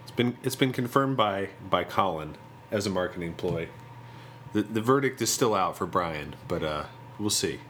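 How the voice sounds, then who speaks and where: A man's voice: deep voice, lively intonation, normal speed, fairly bright tone, slight background noise. A man co-hosting a film podcast, teasing his partner in dry banter. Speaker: podcast co-host. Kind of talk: casual chat.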